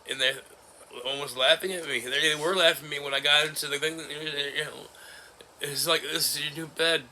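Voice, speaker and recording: A man in his forties talking in a personal vlog, halting and emotional, breaking into nervous laughs. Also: on the high side, fairly even intonation, pushed and bright, slight background noise. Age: 40s. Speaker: vlogger. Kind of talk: personal vlog recounting an ordeal.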